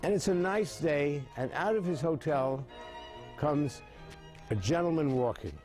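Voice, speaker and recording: A man in his seventies explaining mime and telling jokes with lively storytelling, his voice rising high as the stories build. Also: unhurried, soft background music. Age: 70s. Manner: animated storytelling with big pitch jumps.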